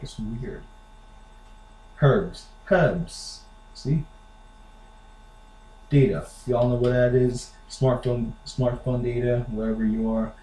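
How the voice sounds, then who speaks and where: A man's voice: mid-range voice, warm tone. An American man chatting casually to the camera, rambling with lots of fillers. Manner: rambling, with lots of "like" and "you know". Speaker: vlogger. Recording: echoey room.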